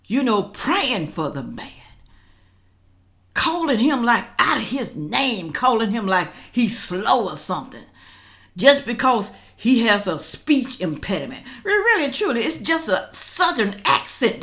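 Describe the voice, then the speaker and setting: A woman's voice: fairly high pitch, sing-song, measured pace, fairly bright tone. An older woman giving blunt, chatty commentary to her viewers, calling them y'all. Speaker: reaction vlogger.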